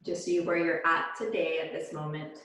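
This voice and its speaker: Woman yoga instructor, low-pitched, calm guided cues, very reverberant room. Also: slight background noise. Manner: slow, calm, soothing cues with pauses. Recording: very echoey room.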